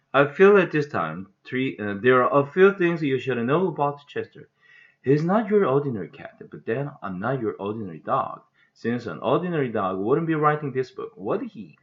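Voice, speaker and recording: A man with a Korean accent reads an English children's book aloud at home, steady and careful. His pitch rises and falls in a lively way as he narrates and lightly voices the characters. The recording is dull and lo-fi. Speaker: father reading aloud for English practice. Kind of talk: storybook read-aloud.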